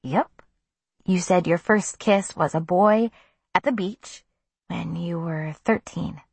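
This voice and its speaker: A woman's voice: on the low side, slow, vocal fry, a little mellow, slightly rough, no echo, heavily acted. A woman voicing a sarcastic teen boy. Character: teasing, easygoing teenage boy.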